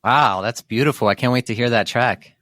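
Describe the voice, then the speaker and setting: A man's voice: medium pitch, fairly quick, a bit bright, no room sound, clean studio sound. A man hosting a podcast who chats in an upbeat way and tells stories freely. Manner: upbeat, chatty storyteller. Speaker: podcast host. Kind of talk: casual interview chat.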